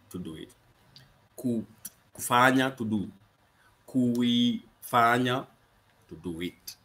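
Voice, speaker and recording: Man, very low voice, patient language teacher, slow repetition, faint background hiss. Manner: patient, repeats phrases slowly with many okays. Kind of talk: casual spoken language lesson.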